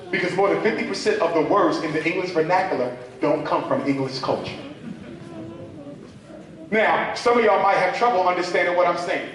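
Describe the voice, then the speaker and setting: This public speaker is a man whose voice sits high, preaching to a live crowd and prompting them to call back. The recording comes from far away in an echoey hall, with a little hiss or hum.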